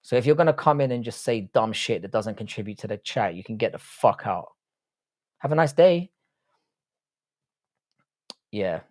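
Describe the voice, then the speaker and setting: A man's voice: fairly low pitch, animated, moderate pace, pauses often, no room sound. Swearing, bantering man, dry sound. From United Kingdom. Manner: profane, bantering, slangy. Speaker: livestream host. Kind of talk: casual livestream chat reading viewer comments.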